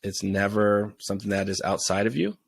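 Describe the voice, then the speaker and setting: A man's voice: on the low side, steady tone, fairly quick, gravelly, slight background noise. A man hosting a podcast, speaking in a reflective, thoughtful way and readily agreeing with his guest. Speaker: podcast host. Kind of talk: casual podcast conversation.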